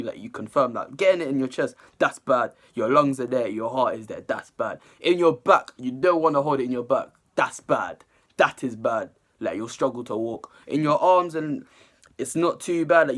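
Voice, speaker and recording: A man giving casual, animated reaction commentary as a video host, exclaiming often. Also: a little high. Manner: animated, exclaiming and laughing between remarks. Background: faint music.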